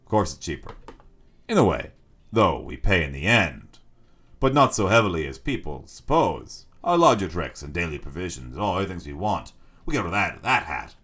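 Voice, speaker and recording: A man voicing a polite, affable male magic shopkeeper with an uncanny edge, speaking in a smooth, unhurried, courteous way. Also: deep voice, big pitch swings, fairly bright tone, full character voice.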